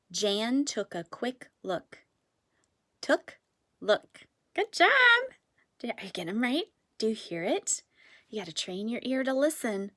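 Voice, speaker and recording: A woman teaching a phonics lesson to young children, slow and sing-song, drawing out each word to encourage them. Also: fairly high pitch. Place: classroom or home with whiteboard.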